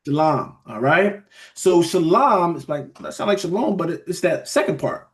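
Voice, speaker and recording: A man's relaxed online Bible lesson comes in a voice that sits a little high for a man. He restarts often, speaks loosely, and stops regularly to make sure listeners are with him, saying "all right?" and "beloved."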